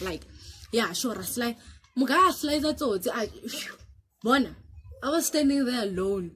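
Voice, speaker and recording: A South African woman vlogger casually telling a story to camera, animated and switching between English and local languages. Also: on the high side, unhurried, slightly rough.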